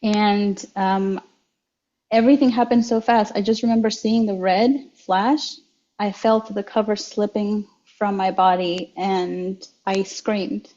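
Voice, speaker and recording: A young adult woman, interviewed as a guest, telling a personal story slowly and reflectively with frequent restarts. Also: mid-range voice, fairly even intonation, mellow, muffled recording.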